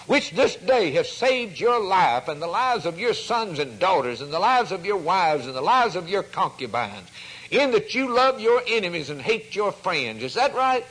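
A man preaching a sermon, fervent and full of rhetorical questions, often dropping to a hushed tone. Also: sits high, big pitch swings, moderate pace, rough recording.

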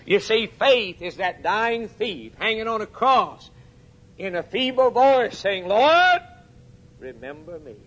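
Emphatic preacher man, soft to loud. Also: slow. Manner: emphatic, swinging from loud urgent peaks to soft low drops; addresses the congregation directly with questions. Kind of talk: sermon.

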